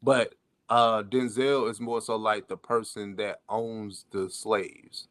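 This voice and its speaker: A man's voice: lowish voice, steady tone, takes it slowly, fairly bright tone, no echo. Dry, chatty male podcast co-host. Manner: loose, profane, chatty riffing. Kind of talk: casual pop-culture chat.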